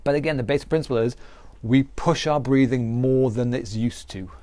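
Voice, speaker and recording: A man's voice: mid-range voice, normal speed, warm tone, dry recording. A man with a British accent, a fitness instructor explaining training principles in a live online class, earnest and repetitive, with restarts. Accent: British English.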